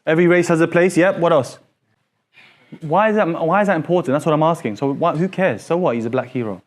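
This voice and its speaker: A man teaching a classroom lesson, quizzing his students with quick repeated questions in an animated way. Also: on the high side.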